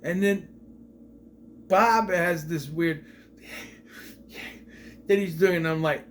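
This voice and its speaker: A man's voice: fairly high pitch, very slow, long pauses, a bit bright, a little hiss or hum. A man giving a casual spoken film review, retelling scenes with incredulous rhetorical questions. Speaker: movie reviewer.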